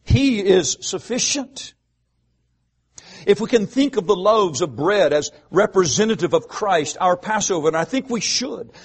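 A man pastor preaching a sermon, asking the congregation rhetorical questions and pausing for emphasis. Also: high voice, husky.

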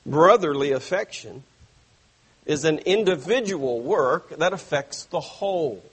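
Husky guy preaching in church, slow and drawn out, leans hard on words then goes quiet. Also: fairly high pitch, animated. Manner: emphatic preaching with slow stressed phrases and sudden soft drops. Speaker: pastor. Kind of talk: sermon.

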